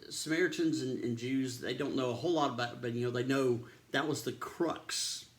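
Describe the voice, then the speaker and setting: A man's voice: medium pitch, normal speed. A man, a pastor casually retelling a Bible story in a devotional, with many ums and uhs.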